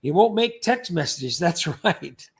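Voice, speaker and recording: A man's voice: high-pitched, expressive, measured pace, gravelly, slightly rough. A man hosting a casual livestream, rambling and joking as he reads out viewer comments and thanks people by name.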